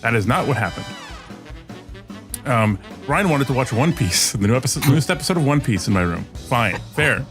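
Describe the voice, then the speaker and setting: A man's voice: mid-range voice, expressive, fairly quick, music in the background. Rambling male podcast host telling a story. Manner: rambling, restarts often, laughs mid-story. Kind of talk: casual storytelling.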